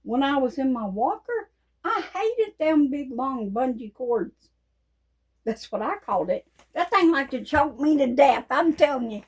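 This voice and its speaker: A woman, telling folksy stories in a casual, animated way and laughing often. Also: sits high, unhurried, breathy edge, low-quality recording. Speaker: Christian vlogger. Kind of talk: casual storytelling monologue.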